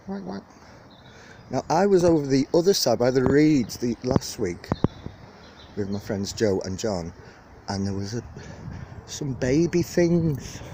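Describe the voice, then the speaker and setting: A young man with a Liverpool-area accent, rambling and joking as he films a casual walking tour of a city park on his phone. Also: mid-range voice. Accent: Liverpool area (Widnes). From England. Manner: chatty, rambling, jokey and lively. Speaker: vlogger giving a walking tour. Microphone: handheld phone camera. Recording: phone video outdoors with clear wind and park noise.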